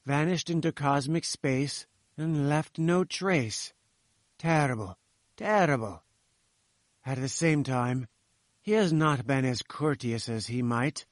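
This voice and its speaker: A man reading a sly, nervous male inventor with a smooth, wheedling manner. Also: medium pitch, takes it slowly, no room sound, close to an everyday voice.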